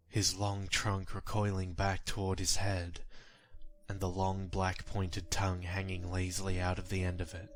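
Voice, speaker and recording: A man reading a horror story aloud in a measured, grim storytelling manner. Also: deep voice. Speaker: narrator. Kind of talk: scripted horror story narration. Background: faint music.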